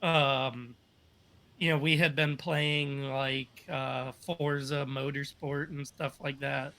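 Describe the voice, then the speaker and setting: A man's voice: mid-range voice, level tone, takes it slowly, vocal fry, bright, forceful tone. A man telling stories on a podcast in a casual, upbeat, rambling way with lots of fillers. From United States. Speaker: podcast guest. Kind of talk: casual storytelling.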